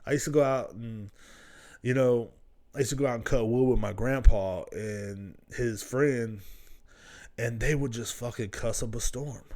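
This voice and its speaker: A man's voice: mid-range voice, unhurried, a little mellow. Brief: young male solo podcaster, casual and profane, rambles loosely. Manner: rambling, profane, jumps between stories. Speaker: podcast host.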